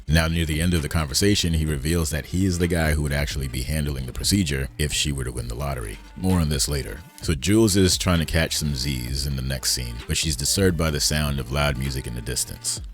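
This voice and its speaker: Very deep-voiced man recapping a TV episode. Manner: casual, conversational, with asides. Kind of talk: scripted episode commentary.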